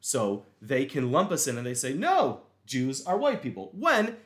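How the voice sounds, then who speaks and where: A man's voice: mid-range voice, a little slow. Rambling man in an echoey room. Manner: rambling, animated storytelling. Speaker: podcast host. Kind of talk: casual chat.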